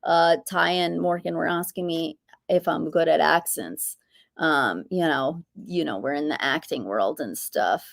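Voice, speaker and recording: A woman's voice: sits low, measured pace, creaky. A woman hosting a casual live Q&A, reading viewer comments aloud and chatting freely. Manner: chatty, reads viewer comments aloud, coos at her bird. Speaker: livestream host.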